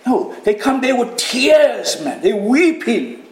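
A man preaching a sermon with dramatic swings, dropping low and then rising to shouted peaks. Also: huge pitch swings, slow. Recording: echoey room.

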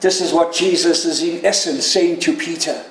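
A man's voice: a little high, steady tone, normal speed, slight background noise. A man preaching a sermon in an earnest, conversational way, asking his listeners direct questions. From Canada. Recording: echoey room.

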